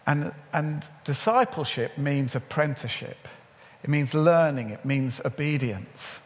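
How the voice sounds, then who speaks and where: A middle-aged man delivers a sermon in an easy, storytelling manner, acting out bits of conversation along the way. His voice sits a little high for a man. The sound rings out with a long reverb, as in a large hall. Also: animated, measured pace. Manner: conversational storytelling with acted-out dialogue. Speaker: preacher. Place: large church or event hall.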